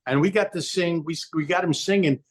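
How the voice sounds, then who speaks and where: A man's voice: a little high, brisk. A man co-hosting a podcast, chatting and reminiscing casually. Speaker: podcast co-host. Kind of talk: casual chat.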